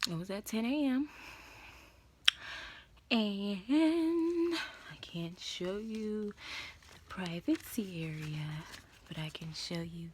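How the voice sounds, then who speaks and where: A woman's voice: mid-range voice, slight background noise. A pregnant woman vlogging casually and encouraging viewers in a preacherly way about faith.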